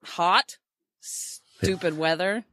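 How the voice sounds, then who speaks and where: A woman's voice: fairly low pitch, extremely slow, fairly bright tone, no echo, studio quality. A woman with an American accent from Ohio, chatting in a giggly, teasing and cheeky way as a podcast co-host. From Ohio, United States. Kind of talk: casual chat.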